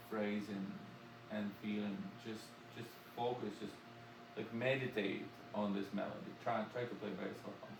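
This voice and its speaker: A man coaching a student in a music lesson, halting and repeating words, then breaking into sung melodies on nonsense syllables. He sounds far from the mic in an echoey room, with clear noise behind him. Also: mid-range voice. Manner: sings melodies on nonsense syllables while explaining; halting, repeats words when searching for them. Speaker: music teacher.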